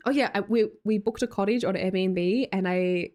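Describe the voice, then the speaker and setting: A young Australian woman chats casually on a live stream, greeting her chatters, reading their messages aloud and laughing often. Her mid-range voice is unhurried and a little mellow.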